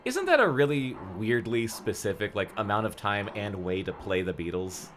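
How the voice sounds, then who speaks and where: Lively bright-voiced man reading aloud. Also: on the low side, moderate pace, a little hiss or hum. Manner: rambling, many fillers and restarts. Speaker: podcast co-host reading a book aloud. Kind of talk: casual chat and reading aloud.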